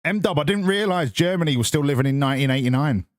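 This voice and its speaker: A man's voice: a little high, lively intonation, fast talker, no room sound, clean studio sound. A man, chatting casually with his viewers on a live stream in sarcastic, sweary, mock-lecturing rants.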